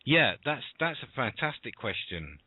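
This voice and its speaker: A British male host chats and rambles at a middle pitch, stumbling into restarts as he goes. His voice comes through a narrow, phone-like line with no room sound at all. It feels like a casual online talk show. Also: sing-song, moderate pace, husky, dry recording. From United Kingdom. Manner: chatty, rambling, with many fillers and restarts. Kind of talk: casual internet radio chat. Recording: dry, phone-like call audio.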